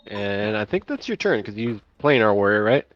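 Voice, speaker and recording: Game master, male, lowish voice, casual halting delivery, dull lo-fi call with music under it. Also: big pitch swings, no room sound. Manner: casual, stop-start, full of fillers. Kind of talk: narrating a tabletop game.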